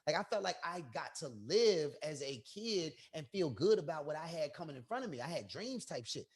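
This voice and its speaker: Animated, profane Chicago man. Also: on the high side, moderate pace, breathy edge. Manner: animated, profane, rising to near-shouts when riled up. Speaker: podcast co-host. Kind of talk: casual chat.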